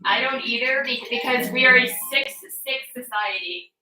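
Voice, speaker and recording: Bright-voiced woman streamer, echoey room. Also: fairly high pitch, normal speed, faint music behind. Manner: blunt, opinionated, swears and laughs easily. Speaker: streamer playing a game. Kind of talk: casual gameplay chat.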